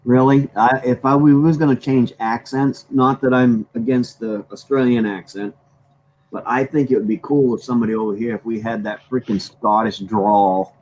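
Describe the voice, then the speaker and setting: A man with a Maine accent hosting a casual chat show, folksy and rambling, often clearing his throat. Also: mid-range voice, fairly even intonation, moderate pace, a little mellow, lo-fi sound, slight background noise. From Maine, USA. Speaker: host.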